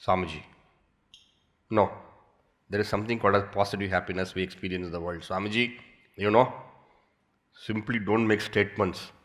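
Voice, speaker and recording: A man's voice: lowish voice, steady tone, a little fast, pauses often, fairly bright tone, pitched below the performer's own voice, lightly acted. A man with an Indian English accent voicing a skeptical male listener who objects to the teacher.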